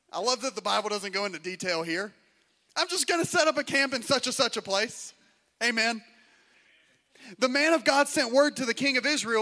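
Male pastor, sermon delivery, high pitch, dramatic hush-to-shout swings, guitar underneath. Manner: storytelling with acted-out voices. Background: guitar music.

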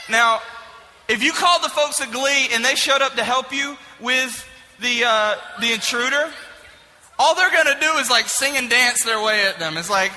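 A man with a very high, sharp, bright voice delivers a comic sermon illustration to a live audience. He is animated and jokey, often shouting for emphasis. The sound carries through a reverberant hall with faint background noise. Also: normal speed. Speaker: speaker addressing a live audience.

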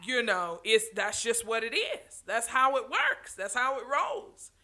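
A woman's voice: a little high, big pitch swings, measured pace, bright, forceful tone. A woman speaking passionately to her viewers in a motivational talk, stopping and restarting phrases and laughing now and then.

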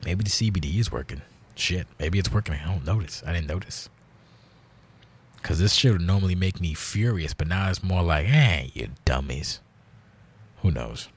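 A man's voice: low-pitched, moderate pace, husky. A man hosting a casual solo podcast monologue, rambling and blunt with heavy swearing, grouchy in tone. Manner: self-described grouchy, blunt. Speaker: podcast host.

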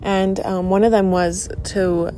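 A young woman in her late teens talks casually as a podcast host, chatty and excitable. She fills her talk with fillers and casual swearing. Her pitch sits in a middle range, with faint noise in the recording. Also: unhurried. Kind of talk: casual chat.

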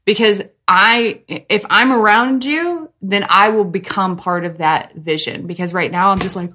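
A woman's voice: medium pitch, sharp tone. A woman hosting a podcast, talking openly and emotionally with her partner in casual chat. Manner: open, emotional, talks in quick bursts. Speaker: podcast host.

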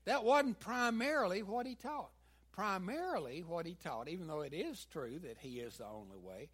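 A man's voice: a little high, very animated, normal speed, fairly bright tone, breathy edge. A man with a Southern US accent preaching a sermon, mixing folksy stories with emphatic peaks. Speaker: pastor.

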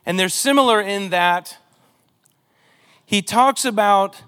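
A man's voice: high voice, slow, pushed and bright, clear, resonant tone. A man preaching a sermon, earnest and emotional, reading scripture with a pleading, dramatic delivery. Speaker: pastor.

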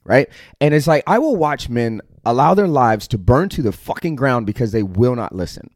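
A middle-aged American man talks straight into a close podcast mic, his voice dry with no room around it. He lectures in a blunt, confrontational way, cursing freely and pressing hard on every point, at an average pitch. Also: lively intonation, moderate pace, darkish tone, no echo. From United States. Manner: profane, aggressive, confrontational. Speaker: podcast host. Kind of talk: blunt motivational monologue.

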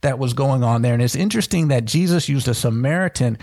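A man's voice: mid-range voice, lively intonation, fast, darkish tone, dry recording. A man giving a reflective devotional Bible teaching and asking searching questions of his listeners. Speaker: podcast co-host teaching on scripture.

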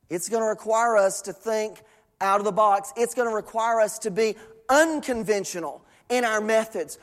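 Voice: medium pitch, normal speed. A pastor preaching a sermon to a congregation, emphatic and repeating phrases for stress. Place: large church sanctuary. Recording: long reverb of a church hall.

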